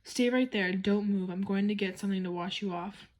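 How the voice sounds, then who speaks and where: A woman's voice: mid-range voice, a little fast, lightly acted. A woman voicing a caring but firm mother scolding her young son in a children's storybook reading.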